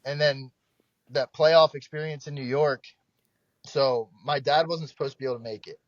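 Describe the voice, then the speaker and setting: Animated young man telling stories. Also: on the high side, moderate pace, no room sound. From South Jersey. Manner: animated, profane, acts out quoted voices. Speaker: podcast guest, pro baseball pitcher. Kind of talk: casual storytelling. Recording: dull dry podcast mic.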